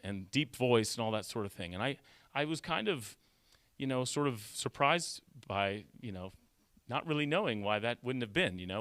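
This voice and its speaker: A man, an emergency physician, giving a conversational storytelling talk, animated and full of fillers and restarts. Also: medium pitch, fairly quick, dry recording. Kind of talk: storytelling lecture. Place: cultural center lecture hall.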